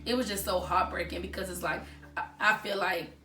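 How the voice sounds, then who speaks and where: A woman's voice: lowish voice, steady tone, a little fast, bright, forceful tone, echoey room, recorded from a distance, slight background noise. A woman giving casual gossip commentary, chatty and full of fillers as she retells what others said.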